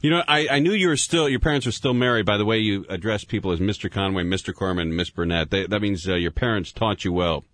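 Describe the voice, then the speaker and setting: A man's voice: fairly low pitch, a bit bright. A man hosting a call-in radio show, joking and teasing with callers. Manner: joking, teasing, quick banter. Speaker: radio talk show host.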